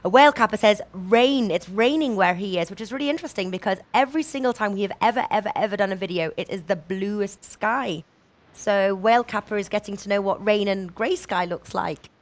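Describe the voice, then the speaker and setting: Woman, betting show host, upbeat, mid pitch, live-stream chat. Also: brisk. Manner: upbeat, reads viewer comments aloud.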